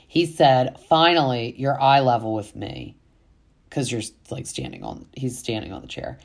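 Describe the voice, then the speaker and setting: A woman's voice: a bass voice, expressive, moderate pace, vocal fry. A woman hosting a casual reality TV recap, chatty and full of fillers, with exasperated asides.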